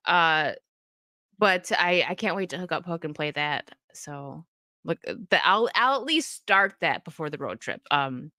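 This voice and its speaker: A chatty woman hosting a casual stream, upbeat and quick to laugh, often restarting her sentences. Her voice is bright and forward, caught close on a dry, dead-sounding mic. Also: on the low side, clear, resonant tone, no echo. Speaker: livestream host reading chat. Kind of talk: casual chat.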